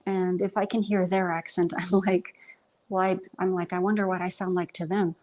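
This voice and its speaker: A woman's voice: fairly low pitch, level tone, normal speed, a little mellow. A young woman with a Texan Southern accent, chatting casually on a livestream with lots of ums. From Texas. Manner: chatty, self-conscious, many ums. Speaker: livestream host.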